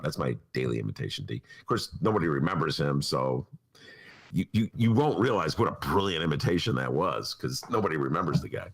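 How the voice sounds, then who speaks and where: Male studio host, mocking and sarcastic; very animated, sweeping intonation. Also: deep voice, a little fast, slightly rough. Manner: sarcastic, mocking, does voices of politicians. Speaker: podcast host. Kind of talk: opinionated political talk. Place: radio studio.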